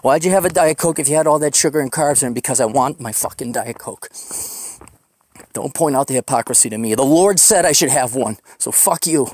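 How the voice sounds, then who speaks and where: A man's voice: mid-range voice, brisk, darkish tone, no room sound. A man hosting a podcast, rambling casually while hiking outdoors on a desert trail, ranting with profane sarcasm. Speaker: podcast host.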